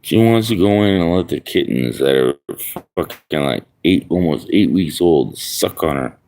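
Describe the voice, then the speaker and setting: A man's voice: deep voice, expressive, moderate pace, vocal fry, a little mellow, rough recording. A man livestreaming casually, rambling and joking crudely while talking to his cat.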